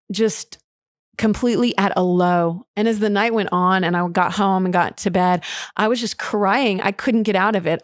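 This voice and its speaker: A woman's voice: mid-range voice, dry recording, clean studio sound. A woman hosting her own podcast, telling a personal story in a candid, emotional way, swearing casually and laughing often. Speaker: podcast host.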